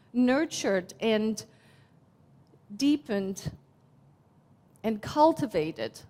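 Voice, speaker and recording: A woman in her fifties from Germany, speaking with a German accent as she gives a slow, reflective, heartfelt sermon as minister. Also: fairly high pitch. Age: 50s. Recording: long hall reverb.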